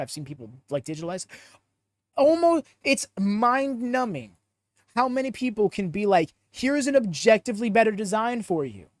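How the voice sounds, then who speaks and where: A man with a voice that sits high hosts a live podcast, chatting in an animated, opinionated way. He reads the audience chat aloud and rambles off on tangents, in a dry recording.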